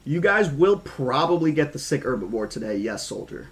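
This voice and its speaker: A man reading a novel aloud on stream, chatting excitedly with viewers between passages. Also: medium pitch, normal speed. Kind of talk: audiobook reading with chat shout-outs.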